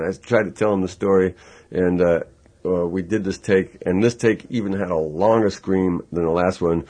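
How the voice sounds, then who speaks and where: A man, a musician guest, telling a lively anecdote in an interview and acting out the quotes. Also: low voice, normal speed. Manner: animated storyteller acting out quotes, laughing.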